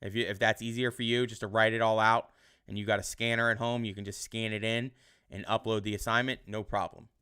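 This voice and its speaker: A male teacher giving casual online class instructions in a relaxed, rambling way with many fillers. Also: on the low side, a little fast, clean tone.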